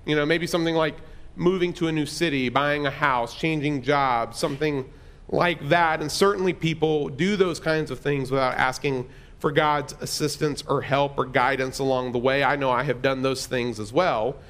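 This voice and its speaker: A man's voice: a little high, fairly even intonation, moderate pace, a bit bright. A middle-aged man pastor telling a personal story in a conversational, self-deprecating sermon.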